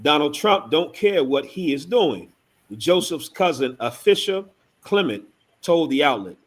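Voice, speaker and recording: A man's voice: fairly high pitch, big pitch swings, measured pace. A man co-hosting a talk show, reading a news article aloud with emphatic, punchy delivery.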